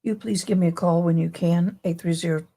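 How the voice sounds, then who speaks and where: A tired, grieving woman hosting a casual livestream chat, talking slowly with frequent pauses and ums. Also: lowish voice, steady tone, dark tone. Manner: slow, meandering, with frequent ums. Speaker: livestream host.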